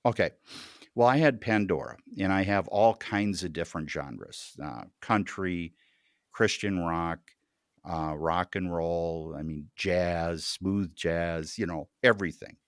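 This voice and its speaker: As a podcast guest, a man tells a deeply personal story, earnest and halting, often repeating words as he restarts. The recording is studio quality with no echo.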